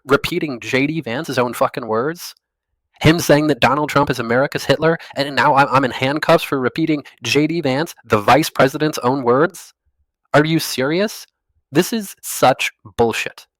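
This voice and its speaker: A man's voice: medium pitch, normal speed, a bit bright, no room sound. A man giving angry, profane political commentary, ranting in a furious tone.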